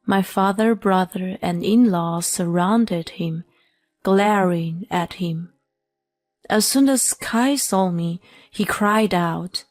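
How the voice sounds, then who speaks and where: A woman narrating a first-person story as scripted narration, in a slow, even manner. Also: mid-range voice, dry recording, faint music behind.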